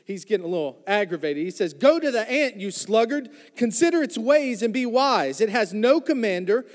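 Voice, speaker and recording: A man's voice: high voice, darkish tone, big-room sound. A man preaching a sermon, reading scripture and retelling it in a joking, conversational way, calling out to the congregation. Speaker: pastor.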